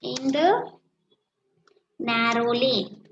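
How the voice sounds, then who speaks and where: A woman teacher with an Indian English accent, slowly dictating answers in a class lesson and repeating phrases as she writes. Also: on the high side. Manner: slow, repeats phrases while writing answers. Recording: echoey room, dull lo-fi sound, faint noise.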